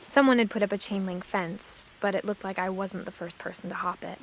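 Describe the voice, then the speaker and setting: An actress voicing a young woman who narrates her return to her family home, in a quiet, reflective scripted narration. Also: mid-range voice, fairly even intonation, a little fast, slight background noise, lightly acted, low-quality recording. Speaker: game narrator.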